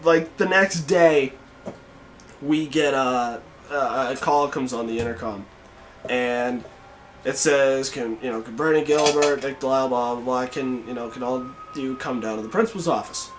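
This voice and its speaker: A young man hosting a podcast, telling a story in casual chat, swearing freely and shouting out the quoted lines. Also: medium pitch, normal speed, slight background noise. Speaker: podcast host.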